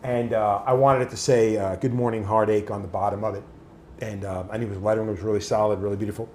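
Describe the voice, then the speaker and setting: A man's voice: fairly low pitch, fast talker, roomy sound, a little hiss or hum. A man casually telling stories, swearing freely and acting out other people's voices. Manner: animated, swears freely, acts out quoted voices. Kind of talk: casual storytelling.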